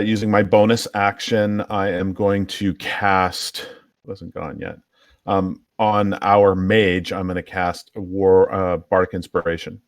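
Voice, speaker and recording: A man playing in an online tabletop game, hesitant and filling pauses while he decides. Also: low-pitched, no room sound, studio quality. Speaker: player.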